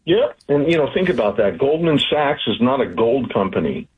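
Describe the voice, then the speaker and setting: A man guesting on a radio show as an investment firm executive, talking in an earnest, persuasive pitch. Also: very animated, moderate pace, husky. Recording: tinny phone line.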